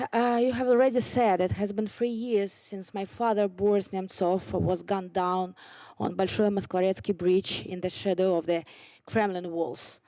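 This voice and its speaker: A woman whose first language is Russian, giving measured, formal prepared testimony as a witness at a hearing. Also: medium pitch, mellow, no room sound. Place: hearing room.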